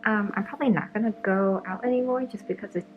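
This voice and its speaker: A woman's voice: medium pitch, fast, narrow, tinny audio, soft background music. A young woman in a casual vlog, chatty and rambling, laughing often as she talks to her handheld camera. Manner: chatty, giggly, rambling with many "like"s. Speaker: vlogger. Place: outdoors in rain and wind, then indoors at home.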